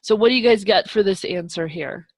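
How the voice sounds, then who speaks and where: This is a young woman's mid-range voice, a little fast and without echo, picked up by a video call microphone. She's teaching math live online, upbeat and encouraging, with chatty remarks to her students.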